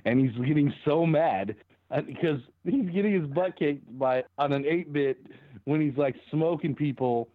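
A man's voice: a little high, a little slow, no room sound. A man co-hosting a casual sports podcast, telling rambling stories and laughing often. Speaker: podcast co-host. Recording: tinny phone-line sound.

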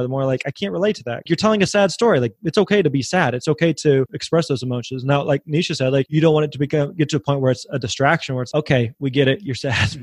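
Quick, dry-voiced male panelist, acting out audience reactions. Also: medium pitch, no room sound. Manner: animated, acts out audience reactions. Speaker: guest speaker coach. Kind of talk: casual podcast discussion.

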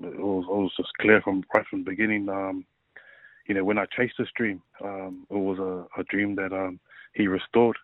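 Man, 30s, rugby player guest, halting speech with fillers, lowish voice, dry phone-like sound. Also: no room sound. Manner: halting, full of fillers and restarts. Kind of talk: casual interview, personal story. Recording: tinny phone-like line.

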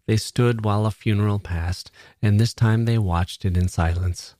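Low-voiced man narrating a literary story. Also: fairly even intonation, moderate pace, mellow, dry recording, clean studio sound. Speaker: audiobook reader.

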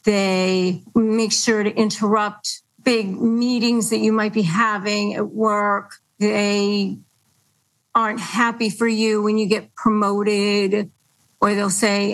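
A woman's voice: medium pitch, steady tone, slow, rough recording. A woman hosting an advice podcast, explaining in an earnest, patient way and quoting phrases as examples. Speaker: podcast host.

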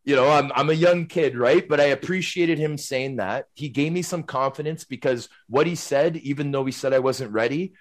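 Brief: middle-aged male guest, chatty storyteller, meandering and lively. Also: medium pitch, normal speed, hardly any pauses. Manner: rambling, animated, tag questions like "right?" and "man". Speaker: guest, former hockey player. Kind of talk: casual storytelling.

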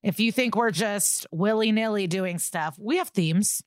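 Podcast co-host: young woman, mid-pitched, wry and quick to laugh, dry close mic. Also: no room sound. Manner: chatty and wry, laughs easily. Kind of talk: casual chat.

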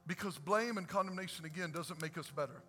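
A male pastor preaching a sermon in a church, swinging from hushed to shouted and repeating phrases for emphasis. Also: high-pitched, fast talker. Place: church sanctuary. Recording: church hall reverb with faint music.

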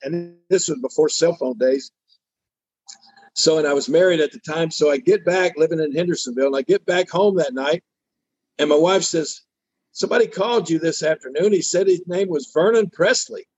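A man's voice: a little high, moderate pace, darkish tone, husky, no echo. An older man telling a long story in a casual interview, acting out the voices of the people he quotes. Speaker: interview guest.

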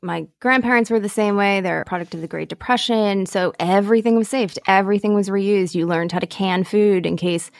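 An American woman co-hosting a podcast, speaking in a measured, reflective way. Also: medium pitch, vocal fry, no room sound, clean studio sound. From United States. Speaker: podcast co-host. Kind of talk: casual chat.

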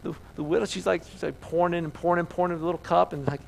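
A man's voice: fairly high pitch, fairly even intonation, very fast, gravelly, slight background noise, low-quality recording. A man preaching a sermon to his congregation, talking emphatically and firing off repeated rhetorical questions. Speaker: pastor. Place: church service with congregation.

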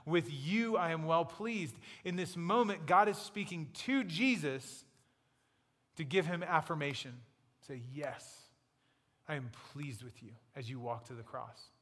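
A man preaching a sermon in a conversational, playful storytelling way, slipping into quick acted asides. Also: a little high, sharp tone. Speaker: pastor. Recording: long hall reverb.

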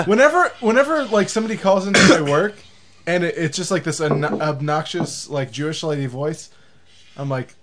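A man's voice: fairly high pitch, moderate pace, crowd noise. A man co-hosting a casual podcast chat, cracking crude jokes. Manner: crude joking, animated. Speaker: podcast co-host.

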